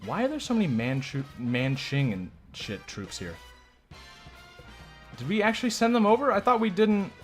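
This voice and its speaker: Male game streamer, casual commentary, lively pitch, profane jokes, faint music behind. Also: moderate pace. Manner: joking, profane, self-mocking. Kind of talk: casual live gameplay commentary.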